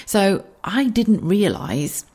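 A woman's voice: medium pitch, slow pace, slightly rough. A woman in her thirties from the UK, hosting a casual solo podcast from her kitchen, chatty and candid with frequent swearing and asides. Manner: chatty, swears freely, animated asides and laughs. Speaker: podcast host. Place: home kitchen.

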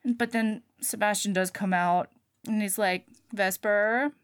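A woman casually retelling a book's plot, acting out the characters' lines in quick bursts. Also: medium pitch, dry recording, clean studio sound. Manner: animated retelling, acts out dialogue. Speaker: podcast co-host. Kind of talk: casual book chat.

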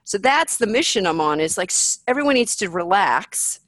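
A woman's voice: mid-range voice, big pitch swings, moderate pace, fairly bright tone, no echo. A woman guest in a candid interview, talking bluntly and with animation, swearing freely and acting out what people say. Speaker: podcast guest.

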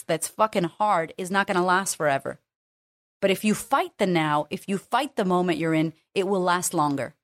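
A woman's voice: fairly low pitch, dry recording. A woman confidence coach talking candidly and emphatically in a motivational monologue, swearing freely.

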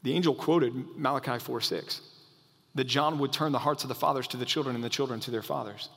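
A man preaching a sermon as pastor, in an animated way that often restarts phrases. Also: mid-range voice, brisk, creaky, slightly rough, big-room sound. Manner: animated, acts out quoted voices, frequent restarts.

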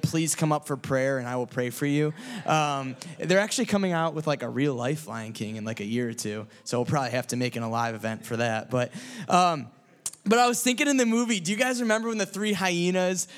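A man preaching a casual, energetic sermon to a church group, joking with the crowd and building to loud, emphatic peaks. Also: a little high, fairly quick. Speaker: church speaker.

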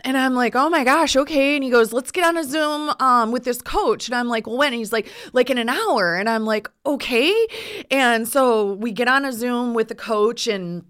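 Bright, animated woman telling a story. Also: a little high, moderate pace, clear, resonant tone. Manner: animated, acts out quotes, frequent laughs. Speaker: podcast guest. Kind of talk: casual storytelling chat.

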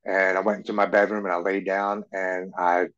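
A man's voice: sits low, level tone, brisk, a bit bright, highs cut off. A man in his forties, a podcast guest telling a personal story in an earnest way, often stumbling and repeating words. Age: 40s.

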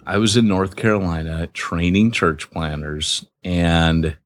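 A man with a very low voice, trading jokes with his co-host on a podcast. He rambles through comic stories in a dry, close sound. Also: takes it slowly, dry recording. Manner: joking, rambling storyteller. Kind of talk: casual banter.

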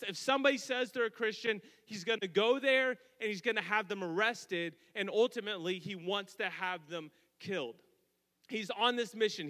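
Bright high-voiced preacher man in a hall. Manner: retelling scripture with casual asides and dramatic emphasis. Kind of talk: sermon. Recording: long hall reverb.

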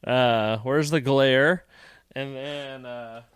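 A man's voice: mid-range voice, steady tone, drawn-out words, fairly bright tone, clean tone, no room sound, clean studio sound. A man co-hosting a podcast, chatting casually, telling stories and laughing often. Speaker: podcast co-host. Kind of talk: casual chat.

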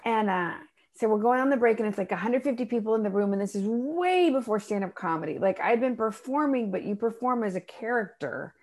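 Animated middle-aged woman telling a story. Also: a little high, fairly quick. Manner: animated, acts out voices in her stories. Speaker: guest. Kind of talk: personal storytelling in a podcast chat.

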